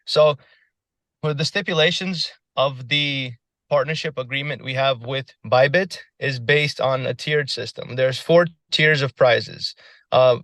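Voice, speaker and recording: Fast-talking man presenting over a phone on a call, dry close sound. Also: mid-range voice, fairly bright tone, no echo. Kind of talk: casual presentation.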